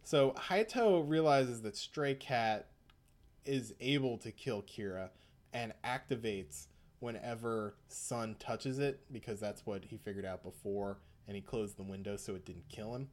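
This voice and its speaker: A man's voice: fairly low pitch, measured pace. A man retelling an episode in casual chat, rambling, swearing and laughing often.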